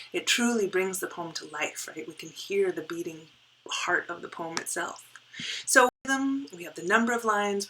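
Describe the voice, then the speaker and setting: A woman teaching a poetry lesson, explaining step by step and often checking in with "right?", dropping to a soft whisper as she reads lines aloud. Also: fairly low pitch, slight background noise, low-quality recording. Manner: drops to a soft whisper while reading and counting. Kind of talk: poetry lesson with board work.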